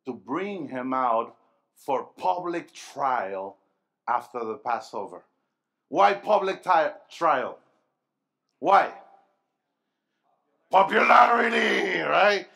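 A man preaching a sermon to young people, asking the congregation questions and calling for answers, moving between low, quiet stretches and loud emphatic bursts. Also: lively intonation, very slow, vocal fry, long pauses. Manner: call-and-response, asking the crowd questions. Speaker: pastor. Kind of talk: sermon to a youth rally.

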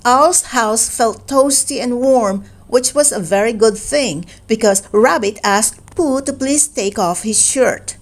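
A woman reading a children's picture book aloud in a slow, expressive way. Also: fairly high pitch. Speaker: storybook reader. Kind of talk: children's read-aloud narration.

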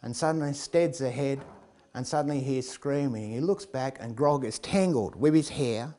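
Lively man telling a comic tale. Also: medium pitch, moderate pace. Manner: lively, chuckling, builds to loud climaxes. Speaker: storyteller. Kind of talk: comic oral storytelling.

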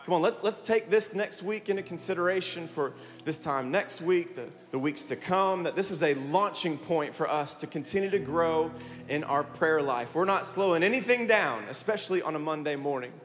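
A man preaching a sermon as pastor, energetic and rallying his congregation with repeated calls to respond. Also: on the high side, moderate pace. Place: large church hall. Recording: long hall reverb, music behind.

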